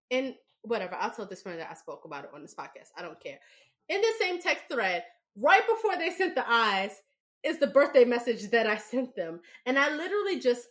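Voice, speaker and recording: A young woman co-hosting a podcast, telling a story in a blunt, profane, animated way. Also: fairly high pitch. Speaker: podcast co-host. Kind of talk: casual podcast chat.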